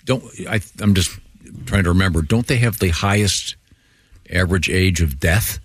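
A man hosting casual show banter, wry and jokey, often halting mid-sentence. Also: low voice. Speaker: show host.

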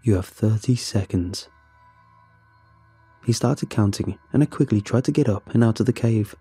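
A man narrating a first-person horror story in a steady, somber way. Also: fairly low pitch, husky, dry recording.

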